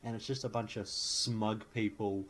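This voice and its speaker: Joking man, low voice. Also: little pitch movement, moderate pace, a bit bright. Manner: jokey, ranting, acts out quotes in mock voices. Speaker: podcast co-host. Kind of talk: casual chat.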